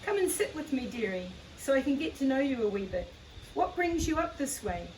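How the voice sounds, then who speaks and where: A woman's voice: high-pitched, very animated, fairly quick, a little mellow, a little hiss or hum. A woman reading the part of a talkative little Scottish farm wife and former nurse, with a light Scottish accent and a homely, chatty manner. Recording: echoey room, far from the mic.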